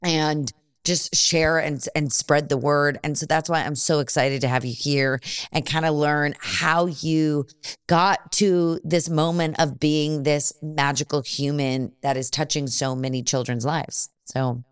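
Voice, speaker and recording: Effusive woman podcast host, smooth voice. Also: low-pitched, fairly even intonation, unhurried, dry recording, clean studio sound. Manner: effusive, laughs often, swears casually. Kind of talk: casual interview chat.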